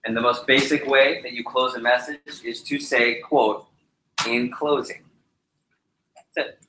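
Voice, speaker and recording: A man training a live audience in public speaking, animated and shifting his speed and pitch to demonstrate his points. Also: measured pace, slight background noise. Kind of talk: energetic presentation to a live group. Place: meeting room with a live audience. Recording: roomy echoey hall.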